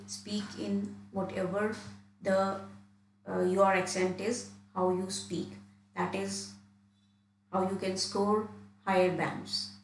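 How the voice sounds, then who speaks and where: A woman from India teaches exam speaking tips in a steady middle voice, often restarting and repeating herself as she explains. The room rings with echo and a faint hum sits underneath. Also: mid-range voice. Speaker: IELTS trainer. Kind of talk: online lesson.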